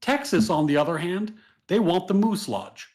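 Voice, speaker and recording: A man who is a guest on a livestream, discussing politics in a thoughtful, measured way with occasional swearing, over a video call. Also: high voice, expressive, a little mellow.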